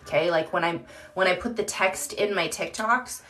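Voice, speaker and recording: A woman's voice: fairly low pitch, moderate pace, noisy background. A woman chatting candidly on a live stream into her phone, rambling and swearing casually as she reads comments.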